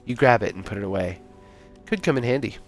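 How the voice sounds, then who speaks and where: Gravelly male streamer reading game text. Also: mid-range voice, quick pace, soft background music. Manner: relaxed reading broken by chatty comments to viewers. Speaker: streamer playing a story game. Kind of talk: reading game text aloud with casual asides.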